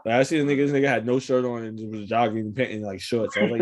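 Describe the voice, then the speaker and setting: A man's voice: mid-range voice, level tone, rapid-fire, a loud crowd. Blunt joking man ranting casually. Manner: blunt, profane, joking rants. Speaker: podcast co-host. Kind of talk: casual chat.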